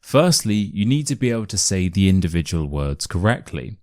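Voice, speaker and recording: Deep-voiced man teaching RP pronunciation. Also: very animated, a little mellow, no echo, clean studio sound. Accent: modern RP English. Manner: clear, deliberate word-by-word enunciation. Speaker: accent teacher. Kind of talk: scripted pronunciation lesson.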